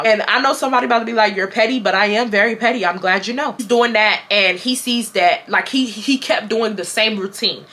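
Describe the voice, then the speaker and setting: Bright-voiced woman telling a story. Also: a little high, a little fast, few pauses. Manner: chatty and animated, talks straight to viewers. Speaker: storytime vlogger. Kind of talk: casual storytime chat. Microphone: camera mic.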